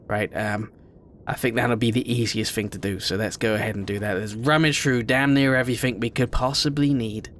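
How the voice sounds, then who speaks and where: A young man giving casual let's-play commentary on a game, rambling, excitable, sometimes shouting and swearing at what happens. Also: mid-range voice, slight background noise. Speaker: gaming video host.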